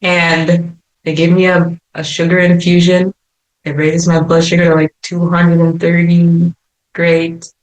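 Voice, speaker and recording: A young woman talks as a podcast guest, telling her own story in a casual, animated way and laughing lightly between lines. Her voice sits a little low for a woman. The recording has a roomy echo around it. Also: measured pace. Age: young adult.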